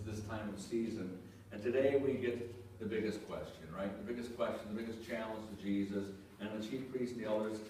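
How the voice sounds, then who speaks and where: A man's voice: on the low side, a little mellow, a little hiss or hum. A male pastor giving a conversational sermon, often asking the congregation questions and repeating his phrases. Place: church sanctuary. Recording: echoey church from a distant mic.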